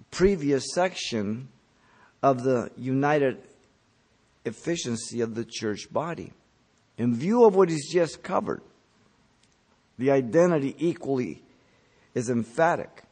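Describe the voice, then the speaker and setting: A man's voice: medium pitch, expressive, a little slow, pauses often, darkish tone. Emphatic man preaching a Bible sermon. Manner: emphatic, rises sharply on key words then drops; teaching, verse-by-verse explanation with asides. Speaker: pastor. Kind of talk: expository sermon.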